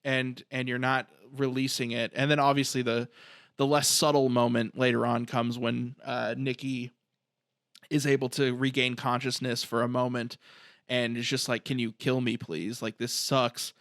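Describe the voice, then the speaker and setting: A man's voice: medium pitch, flat delivery, normal speed, fairly bright tone, dry recording, studio quality. A man co-hosting a horror podcast, talking casually about a film with many restarts and fillers. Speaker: podcast co-host.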